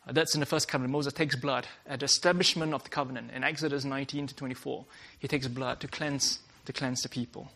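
Gravelly-voiced man preaching a sermon. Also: mid-range voice, fairly even intonation, fast, hardly any pauses, pushed and bright. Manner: earnest preaching with frequent "uh" fillers and restatements.

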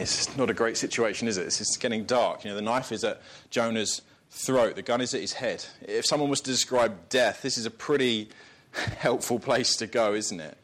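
A man preaching a sermon in a relaxed, conversational voice at an ordinary middle pitch. He asks the listeners rhetorical questions and chuckles at his own asides between points. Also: moderate pace.

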